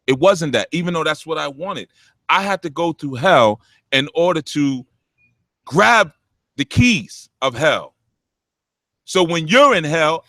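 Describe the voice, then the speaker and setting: A man with a deep, punchy voice, preaching blunt spiritual talk to callers on his show, animated and swearing freely. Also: no room sound. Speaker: spiritual teacher hosting a call-in show.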